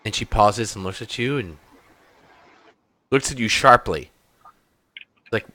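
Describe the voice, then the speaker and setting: A man's voice: fairly low pitch, unhurried, sharp tone. A man narrating a tabletop game as game master, describing scenes with many ums and uhs.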